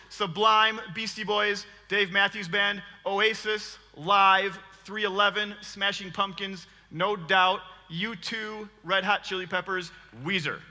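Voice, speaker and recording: Male preacher, 30s, high bright voice, playful storytelling sermon, big church hall reverb. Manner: animated, joking, laughs often. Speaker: guest preacher.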